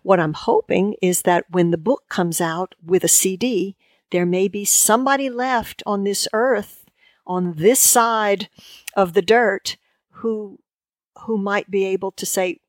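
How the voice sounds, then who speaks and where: A woman, a guest in a conversational interview, talking in halting bursts full of restarts and fillers. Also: mid-range voice, dry recording, clean studio sound. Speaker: guest lexicographer.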